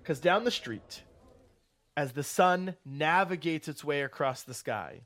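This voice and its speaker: A man's voice: on the high side, expressive, measured pace, a bit bright. A man narrating as game master of a tabletop role-playing game, describing scenes at length. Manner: descriptive, with fillers and restarts.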